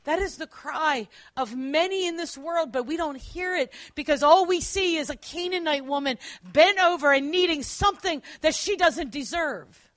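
A woman preacher giving a sermon, earnest, at times dropping to quiet emphasis and correcting herself as she goes. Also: sits high, normal speed, no room sound.

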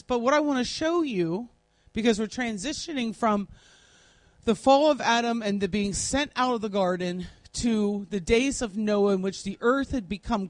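A woman leads a Bible class at a slow, unhurried pace, setting out each word's meaning one at a time. Her voice is recorded close and dry, with almost no room sound. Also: fairly high pitch, no room sound. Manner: deliberate, spells out word meanings one by one. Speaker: Bible study teacher. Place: classroom, writing on a board.

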